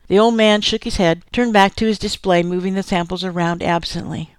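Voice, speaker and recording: A woman giving a steady first-person audiobook narration, recorded close in a studio. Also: fairly low pitch, fairly quick, clear, resonant tone, no room sound. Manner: steady storytelling.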